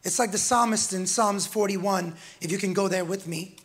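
High, bright-voiced preaching pastor. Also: male voice, moderate pace. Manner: emphatic preaching that swells louder and drops quiet by turns; calls out to the congregation. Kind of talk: sermon.

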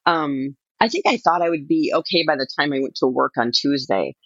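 A woman's voice: sits low, brisk, dry recording. Woman rambling thru a story, lots of "like", kinda muffled dry sound. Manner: rambling, animated, lots of fillers. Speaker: podcast guest. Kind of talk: emotional personal storytelling.

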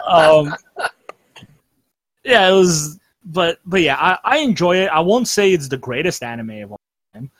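A man's voice: fairly high pitch, animated, unhurried, long pauses, a bit bright, no echo. A man chatting casually on a podcast, rambling with lots of fillers and restarts. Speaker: podcast co-host. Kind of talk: casual chat.

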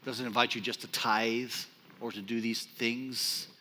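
Middle-aged texas pastor preaching, lively self-mocking storyteller, long hall reverb. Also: male voice, medium pitch, measured pace, a little hiss or hum. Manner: storytelling, animated and self-deprecating. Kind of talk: sermon.

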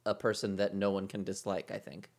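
A man co-hosting a podcast in casual chat, thinking aloud with many pauses and fillers. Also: low voice, flat delivery, creaky, heavy background noise. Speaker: podcast co-host.

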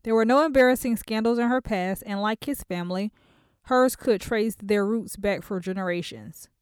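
A woman narrating a romance novel in a measured, expressive storytelling manner, close to a studio mic. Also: mid-range voice, smooth, dry recording. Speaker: audiobook narrator. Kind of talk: scripted narration.

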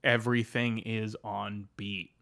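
A man's voice: fairly low pitch, level tone, unhurried, gravelly, a bit bright. A man co-hosting a film podcast, enthusiastically breaking down why the comedy works. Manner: enthusiastic, analytical about comedy. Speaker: podcast co-host. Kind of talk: casual chat.

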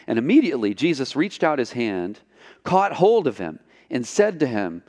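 Animated male pastor in a reverberant hall. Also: fairly high pitch, normal speed. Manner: animated storytelling, acts out quotes. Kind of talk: sermon.

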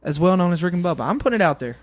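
A man's voice: sits high, animated, racing, no room sound. A man co-hosting a casual comedic radio show, rambling through self-deprecating stories.

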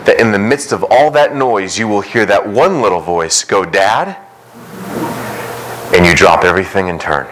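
A middle-aged man preaching a sermon as pastor, earnest and emphatic, his pace shifting from quick runs to slow, stressed words. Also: sits low, expressive, a bit bright, a little hiss or hum, rough recording.

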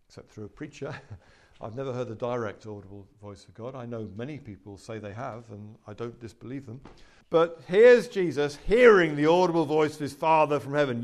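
Male Bible teacher, mid-pitched, chatty podcast delivery with rhetorical questions. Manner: conversational, rhetorical questions, emphatic asides.

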